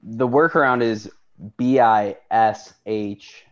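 Dry low-key co-host, dull lo-fi mic. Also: male voice, slow. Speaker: podcast co-host. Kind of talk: casual comedy podcast chat.

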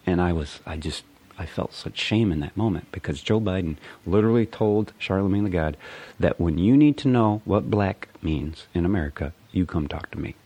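A man's voice: low voice, animated, moderate pace, dark tone, slightly rough, dry recording. A man delivering a profane, rambling, sarcastic political rant. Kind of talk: ranting political monologue.

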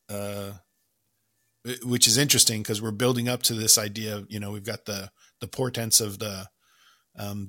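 Male podcast co-host, bright voice, enthusiastic film chat with quick acted-out quotes. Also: fairly low pitch. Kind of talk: casual film analysis chat.

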